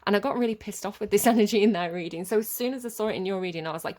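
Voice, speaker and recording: A woman's voice: medium pitch, racing, hardly any pauses, darkish tone. A woman giving a rambling, chatty tarot reading straight to camera, swearing freely as she goes. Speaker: tarot reader. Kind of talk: casual tarot reading monologue.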